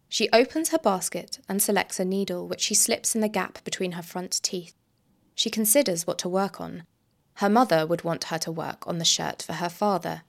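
A woman's voice: fairly low pitch, gravelly. A woman author reading her own short story aloud and talking about her writing.

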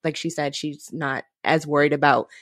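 A woman's voice: low voice, steady tone, normal speed. A woman in her thirties hosting a podcast in casual chat, loose and chatty, often laughing. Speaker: podcast host.

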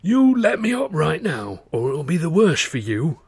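A man voicing a bloodied, panicky male heckler who yells in a strained, shrill voice. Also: sing-song, normal speed, creaky, husky, no room sound, full character voice. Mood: strained menace. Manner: shrill yelling, strained menace.

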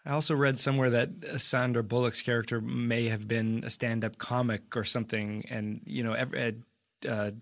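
Male podcast host, mid pitch, casual and jokey, relaxed interviewer. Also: a little fast, creaky. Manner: easygoing, chatty, jokey.

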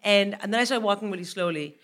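A woman in her forties, a comedian guest, telling an animated comic anecdote with laughter in her voice on a live podcast. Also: medium pitch, fast.

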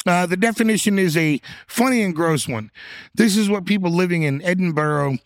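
A man's voice: high-pitched, normal speed, no echo, clean studio sound. A man co-hosting an indie music show, chatting casually and playfully, joking and sometimes tripping over words. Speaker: show co-host. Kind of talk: casual radio show chat.

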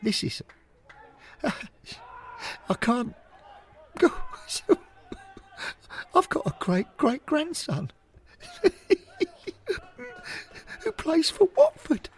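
A man voicing an elderly male football-fan ghost who talks high and excitedly, with folksy phrases. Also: unhurried. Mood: ecstatic. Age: older.

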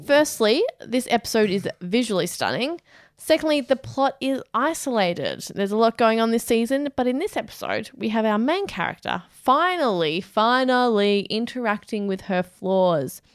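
A woman's voice: a little high, lively intonation, normal speed, no echo, clean studio sound. A woman co-hosting a podcast, bluntly giving her opinions of episodes in casual chat. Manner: opinionated, blunt, gives short assents. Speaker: podcast co-host.

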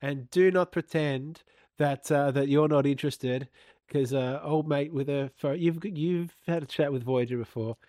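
A man's voice: fairly high pitch, a little slow, dark tone, no room sound, clean studio sound. Teasing man on a podcast. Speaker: podcast co-host. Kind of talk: casual music podcast chat.

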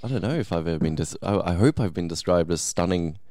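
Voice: sits low, lively intonation, fast, mellow, no room sound. A podcast co-host in casual chat, dropping dry, joking asides.

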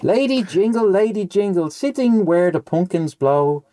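A wistful, tearful lady answers in a lilting, raised voice, as a man puts her on while reading a nonsense poem. Her tone swoops about with a soft, mellow colour, close and dry to the mic. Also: high voice, lively intonation, moderate pace, no room sound, voice pushed up. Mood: pleading. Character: wistful lady, sad, woman.

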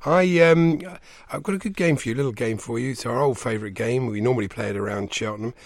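A man's voice: mid-range voice, fast talker, dry recording. Jokey man hosting a podcast. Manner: laughs often, jokey, teasing. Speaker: podcast co-host. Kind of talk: casual chat.

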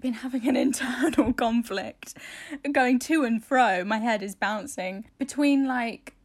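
Young woman co-host, fairly high voice, chatty and rambling, laughs a lot. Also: a little slow. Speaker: podcast co-host. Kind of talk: casual chat.

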